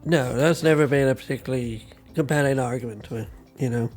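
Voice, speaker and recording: A man's voice: mid-range voice, fairly quick, a little mellow, faint music behind. A man co-hosting a podcast who answers with short, dry remarks. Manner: dry, brief interjections. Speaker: podcast co-host. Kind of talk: casual political chat.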